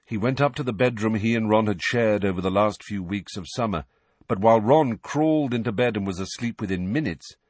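Male narrator, low and husky, animated storyteller, dry close studio sound. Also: a little fast, no echo. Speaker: audiobook narrator. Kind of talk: scripted narration.

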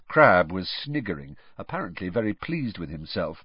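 A man reading a story as an audiobook narrator, expressive and dramatic. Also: fairly low pitch, unhurried, hardly any pauses, slightly rough, dry recording. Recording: dry, slightly dull studio audio.

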